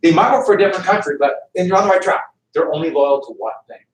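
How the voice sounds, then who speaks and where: A man's voice: a little high, quick pace. A man teaching a history class, telling it like a story with acted-out quotes and questions to students. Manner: animated storytelling, acting out quotes, quizzing students. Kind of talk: classroom lecture. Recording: echoey classroom, far from the mic.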